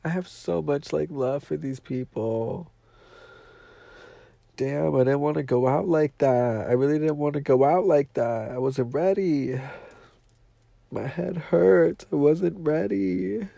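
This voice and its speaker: A podcast host delivers a casual monologue, nasal and teary from crying, in a profane, dramatic, emotional way. His voice is a little high, slow, creaky and mellow, with no echo.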